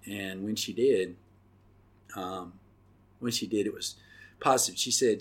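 A middle-aged man hosting a podcast and telling his personal testimony, earnest and halting, with many pauses and fillers. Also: lowish voice, slightly rough. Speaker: podcast host.

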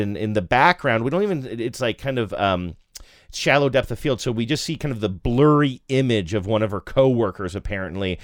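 A man's voice: on the low side, dry recording, clean studio sound. A man co-hosting a casual podcast, chatty and self-deprecating, a little tired after a late night. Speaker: podcast co-host. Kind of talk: casual chat, describing ads.

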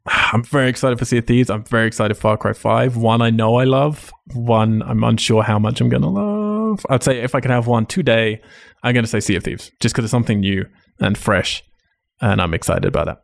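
A man's voice: mid-range voice, creaky, dry recording. A man hosting a podcast, chatting in a laid-back way, swearing casually and laughing often. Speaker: podcast host. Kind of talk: casual chat.

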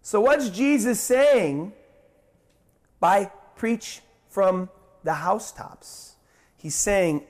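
A man preaching a sermon as a pastor. He is impassioned, repeats phrases for emphasis, asks rhetorical questions, and swings between loud declarations and quiet, dropped endings. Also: high-pitched, big pitch swings, drawn-out words, pauses often. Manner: impassioned, rising and dropping sharply in loudness.

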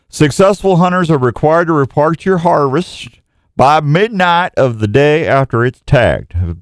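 A man hosting an outdoors show in casual live chat, talking in a folksy, excitable, rambling way. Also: mid-range voice, clean tone, no room sound.

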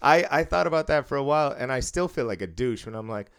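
A man's voice: medium pitch, lively intonation, fast talker, a bit bright, clean tone. A man from Massachusetts with a Boston accent, chatting casually, swearing freely and laughing often. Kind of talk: casual chat.

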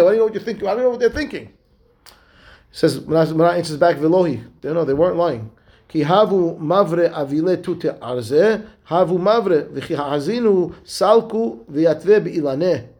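Animated rabbi teaching a Talmud class. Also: male voice, sits high. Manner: reads Aramaic and Hebrew slowly, then explains in animated, halting English. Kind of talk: Talmud class, reading and explaining text.

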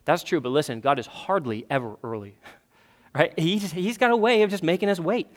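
Preaching at normal speed in a church sanctuary, this pastor in his thirties has a high voice. He speaks with great energy and acts out desperate prayers, raising his voice to plead.

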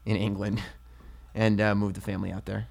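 A man in his thirties, a radio host from the United States, chatting casually with a relaxed, rambling way of talking full of restarts. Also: fairly low pitch, normal speed, creaky. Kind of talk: casual chat.

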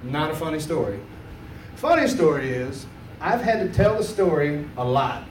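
A man's voice: fairly high pitch, big pitch swings, normal speed, a little hiss or hum. A man doing a laid-back, chatty stand-up set on a comedy club stage, laughing at his own jokes. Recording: roomy club sound from a distance.

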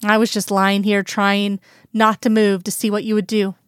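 A woman voicing a gentle, playful grown man lover in a storybook reading, murmuring and teasing. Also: mid-range voice, level tone, normal speed, smooth, no room sound, clean studio sound, close to an everyday voice. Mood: playful, tender.

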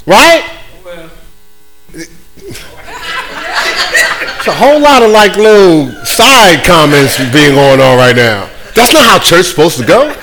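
Animated, high-pitched male preacher. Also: slow, pauses often, crowd noise, rough recording. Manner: animated, playful, acts out voices of others. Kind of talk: sermon.

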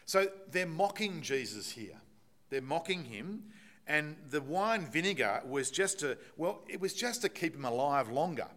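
A man's voice: a little high, sing-song, unhurried, a bit bright. A man preaching a sermon, explaining a Bible passage and putting rhetorical questions to the congregation.

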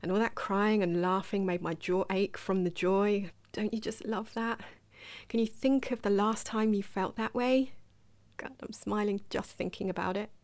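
A woman's voice: medium pitch, steady tone, normal speed, a little mellow. A woman hosting a solo podcast, talking in a chatty, digressive way and asking the listener questions. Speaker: podcast host. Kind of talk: reflective solo podcast talk.

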